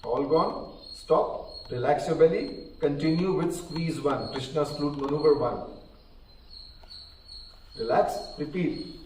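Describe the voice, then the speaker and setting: A man calmly guiding a group through yoga breathing and counting, slightly out of breath. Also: fairly high pitch. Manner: calm, counting slowly, gently checking in. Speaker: yoga instructor. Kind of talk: guided breathing instruction. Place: large hall at a live session. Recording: very echoey hall, distant mic, faint noise.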